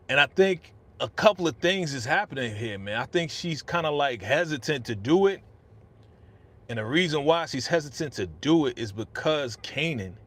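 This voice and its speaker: A man hosting a live stream at an easy, chatty clip, full of slang and loose asides to his viewers. His pitch sits in an ordinary middle range. He speaks close into a studio podcast microphone. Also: fairly bright tone. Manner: chatty and slangy, reads viewer comments aloud. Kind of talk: casual live stream commentary.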